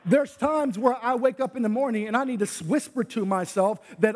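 A male pastor preaching a sermon, often yelling and repeating himself to drive points home. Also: high voice, fairly quick, few pauses. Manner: preaching with loud yelling bursts, repeats "listen". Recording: echoey hall.

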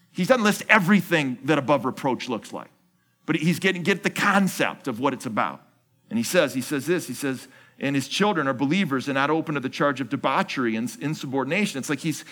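A man's voice: fairly high pitch, fairly bright tone. A man giving a sermon as founding pastor of his church, asking the congregation questions, answering them himself, and repeating key phrases.

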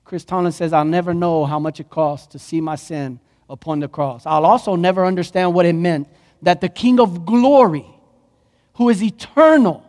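A man with a high voice preaching with passion, his words ringing through a large reverberant church hall. He drops to a hush, then surges loud again. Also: expressive, moderate pace. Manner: impassioned preaching, swings from hushed to loud. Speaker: pastor. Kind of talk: sermon.

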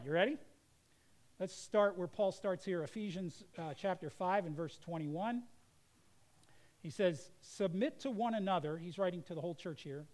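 A man's voice: sits high, darkish tone, rough recording. A middle-aged male pastor preaching a sermon in an earnest, conversational way.

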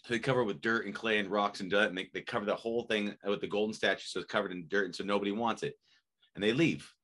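Low-voiced man explaining a parable. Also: quick pace. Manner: animated, rambling explainer with many "right?" checks. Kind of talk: casual interview conversation.

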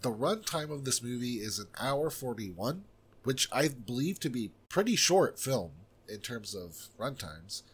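A man's voice: mid-range voice, sing-song, unhurried, breathy edge. A man co-hosting a film podcast, chatting casually and giving blunt, opinionated takes on a movie. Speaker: podcast co-host reviewing films. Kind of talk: casual chat.

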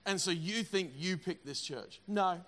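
A middle-aged man preaching a sermon, energetic and emphatic, often repeating words. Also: sits high, unhurried. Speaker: pastor.

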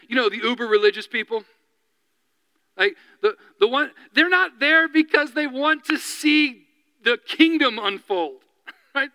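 A man preaching a sermon as pastor, animated, often dropping to a hushed, slow voice. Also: very high voice, no echo, poor audio.

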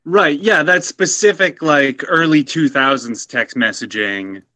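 A man co-hosting a podcast in a relaxed, easygoing way, laughing along with his partner. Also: fairly high pitch, a little slow, dry recording. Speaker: podcast co-host. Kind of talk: casual chat.

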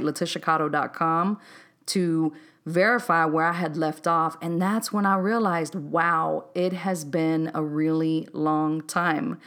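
A woman's voice: lowish voice, fairly bright tone. Chatty Texas woman hosting a podcast. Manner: candid, chatty, laughs easily, says "y'all" and "um". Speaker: podcast host. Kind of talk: unscripted solo podcast talk.

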